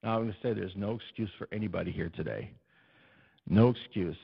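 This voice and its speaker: A man's voice: on the low side, a little fast, gravelly, breathy edge. Man preaching a storytelling sermon. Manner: animated, storytelling, addresses the congregation. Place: church. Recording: dull, muffled recording.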